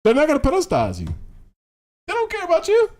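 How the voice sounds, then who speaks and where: Heated commentator with a lively pitch. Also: fast talker. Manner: heated, repeats rhetorical questions, swears; casual slangy speech. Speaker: political commentator. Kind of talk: livestream commentary reacting to clips.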